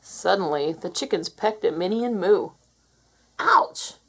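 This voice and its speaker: A woman narrating a children's picture book aloud in an expressive storytelling manner. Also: fairly low pitch, moderate pace, slightly rough. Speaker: storybook reader.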